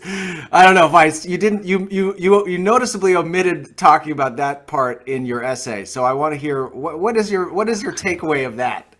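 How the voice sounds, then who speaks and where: A man's voice: on the high side, normal speed, few pauses, a bit bright. A man co-hosting a podcast, talking about films in a loose, laughing way that often trails off. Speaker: podcast co-host. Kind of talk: casual film discussion.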